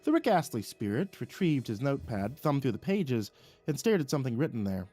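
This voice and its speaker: A man's voice: mid-range voice, brisk, faint music behind. Man narrating a story expressively. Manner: expressive, dramatic. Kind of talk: first-person story narration.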